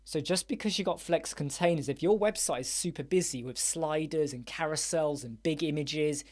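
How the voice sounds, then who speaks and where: A man hosting a live Q&A chat show, rambling and animated, with many fillers. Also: a little high, normal speed. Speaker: host. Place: dark room with soundproof panels.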